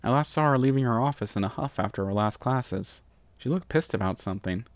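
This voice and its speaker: A man's voice: mid-range voice, animated, a little fast, no echo, natural voice. A man voicing a blunt, stubborn female pony who is an adventurous archaeology professor, in a storybook reading.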